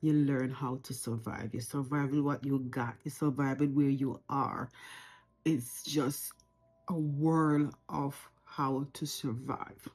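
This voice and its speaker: Low, husky Jamaican woman in her forties. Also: steady tone, takes it slowly, darkish tone. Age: 40s. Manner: reflective, earnest, repeats phrases for emphasis. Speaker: vlogger. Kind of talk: unscripted personal talk to camera.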